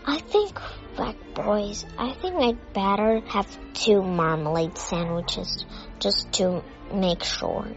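A woman's voice: medium pitch, slow pace, dull audio, soft background music. A woman reading aloud and voicing a small, polite young bear who speaks hesitantly. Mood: hopeful.

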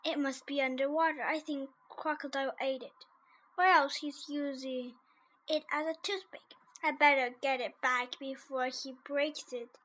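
A woman's voice: high-pitched, steady tone, unhurried, a bit bright. A woman voicing a tricky, lazy male spider who chants spells in a storybook. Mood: flustered.

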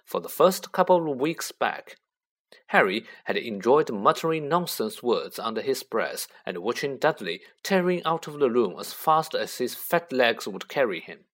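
Male storybook narrator, lively and expressive, mid-pitched voice. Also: normal speed. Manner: expressive, animated reading. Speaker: audiobook reader.

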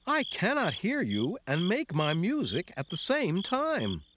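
A woman voicing a cheerful, oblivious cricket who keeps mishearing and answers in a bright, chirpy way. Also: on the low side, a little slow, voice pushed up. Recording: audiobook with steady background noise.

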